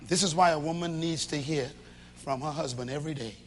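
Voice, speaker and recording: A man preaching a sermon to a live congregation, swinging from shouts to low confiding tones and acting out little dialogues in different voices. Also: fairly quick, a little hiss or hum. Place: church hall with a congregation.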